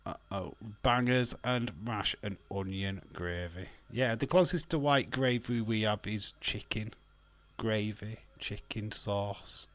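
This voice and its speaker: A man's voice: fairly low pitch, slow pace, fairly bright tone. A British man from the UK doing a casual live watch-along commentary, joking, swearing a lot and laughing often. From United Kingdom. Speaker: wrestling watch-along streamer.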